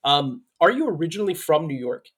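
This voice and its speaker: A man's voice: a little high, very animated, fairly quick, fairly bright tone, husky. A man hosting a casual interview, asking curious and slightly apologetic questions.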